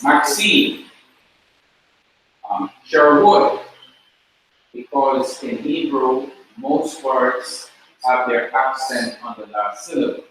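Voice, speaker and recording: A man teaching a class, talking slowly and repeating words for the students to drill. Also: mid-range voice, a bit bright. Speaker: Hebrew teacher. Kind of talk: classroom lecture. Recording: very echoey room, mic far off, faint noise.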